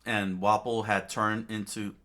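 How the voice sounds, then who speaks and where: A man's voice: lowish voice, little pitch movement, measured pace, sharp tone. A man reading a comic aloud in a casual way, with many fillers, restarts and chatty asides. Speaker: reader of a comic. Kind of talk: casual read-aloud with commentary.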